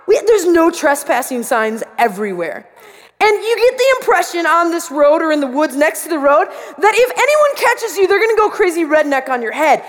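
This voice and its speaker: A high-voiced woman pastor preaching to students, shifting into animated storytelling and acting out her own alarm. Her voice carries with a long reverb, as if filling a large hall. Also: normal speed. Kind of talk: sermon to students with a personal story.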